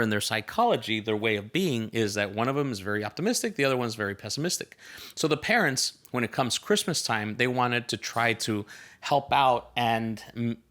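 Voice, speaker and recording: A man's voice: lowish voice, fairly bright tone. Upbeat man telling a motivational story. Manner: upbeat, rambling, storytelling with self-corrections. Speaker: real estate agent. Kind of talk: casual motivational talk to camera. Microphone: camera mic, filmed by a team member.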